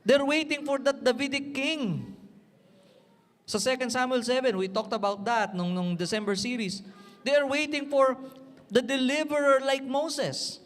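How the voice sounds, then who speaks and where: A man's voice: very high-pitched, fairly even intonation, normal speed, big-room sound. A man with a Filipino accent preaching an emphatic sermon in a church, mixing English and Tagalog. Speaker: pastor.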